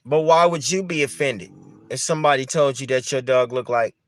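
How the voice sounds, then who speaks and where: A man's voice: mid-range voice, fairly quick. Man musing aloud with rhetorical questions. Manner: conversational, rhetorical questions, repeats himself. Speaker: dog breeder talking to camera. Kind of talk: casual monologue.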